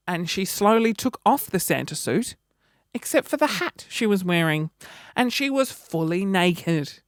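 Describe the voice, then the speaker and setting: A woman, telling a story in a casual vlog with animated, wry delivery. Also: medium pitch, measured pace, no room sound, studio quality. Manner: animated, wry, acts out quoted reactions. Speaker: vlogger.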